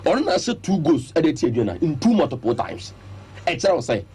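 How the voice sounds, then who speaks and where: Recorded in a radio studio, a Ghanaian-accented man with a fairly high, slightly rough voice speaks briskly. He breaks down sports matters with energy and emphasis, moving between Twi and English and setting out his points one at a time.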